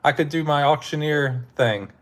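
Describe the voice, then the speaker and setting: A man's voice: on the high side, moderate pace, fairly bright tone. Laid-back man chatting on a live stream. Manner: laid-back, laughs often, reads chat aloud. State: sore throat from long talking. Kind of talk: casual live stream chat.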